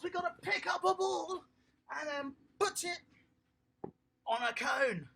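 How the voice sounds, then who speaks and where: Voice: very high-pitched, unhurried, vocal fry, long pauses, bright, forceful tone. An upbeat adult tennis coach, running an online class for small children and cheering them on by name.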